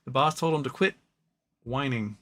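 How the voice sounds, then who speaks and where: Bright-voiced man ranting on a livestream. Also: medium pitch, moderate pace. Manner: rambling, profane, opinionated. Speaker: livestream host. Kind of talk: live-stream chat reading and ranting.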